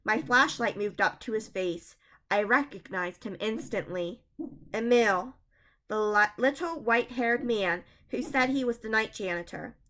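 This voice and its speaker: A woman's voice: a little high, a little slow, a bit bright. A woman reading a suspenseful children's book aloud, chapter by chapter. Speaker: reader.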